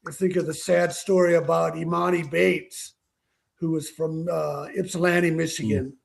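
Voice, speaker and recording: A man's voice: fairly high pitch, little pitch movement, moderate pace, vocal fry. A man on a sports talk panel, rambling with many fillers and self-corrections.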